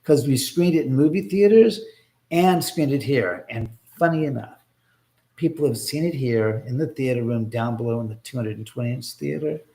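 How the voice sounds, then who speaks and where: A man of middle pitch hosts a casual livestream from his home. He rambles and jokes sarcastically, swears without a second thought, and answers viewer comments as they come in. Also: moderate pace, vocal fry, warm tone. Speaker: livestream host.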